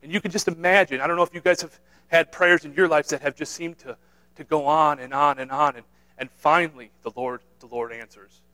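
A man's voice: a little high, steady tone, fairly quick, bright, forceful tone, poor audio. A man preaching a sermon in an earnest way, repeating himself, restarting phrases and asking his listeners "right?". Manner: earnest, repetitive, with many restarts and "right?" tags.

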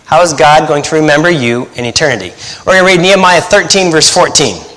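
A man, a pastor and missionary, preaching a sermon in a chatty way, laughing at his own stories and habitually talking fast while trying to slow down. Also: a little high, expressive, fairly bright tone, in a large hall. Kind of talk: sermon with joking asides.

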